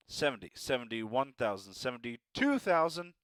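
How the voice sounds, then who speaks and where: A man's voice: mid-range voice, animated, slow pace, fairly bright tone, dry recording. A man teaching a math lesson, encouraging and playful with joking asides.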